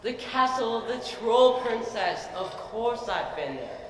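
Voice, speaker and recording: An ancient, mighty north wind speaks in a stern, commanding way, played by a man on stage. His fairly high voice comes from afar through a long, echoing theater hall. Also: sing-song, a little slow, heavily acted. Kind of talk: stage play acting. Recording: distant, echoey theater hall.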